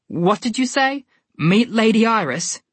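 A woman's voice: sits low, animated, a little fast, fairly bright tone, no echo. A woman narrator voicing rude, dismissive male gate guards.

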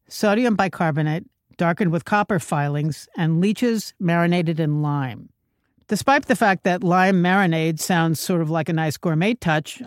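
A woman delivering scripted comedic narration with wry, sarcastic, deadpan asides. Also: lowish voice, no echo, clean studio sound. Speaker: comedic host.

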